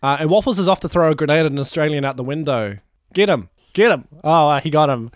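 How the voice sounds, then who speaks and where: Guest spot: man, slightly raised pitch, deadpan improv storyteller, dry close sound. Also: fast talker, clear, resonant tone, no echo. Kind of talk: improvised comedy chat.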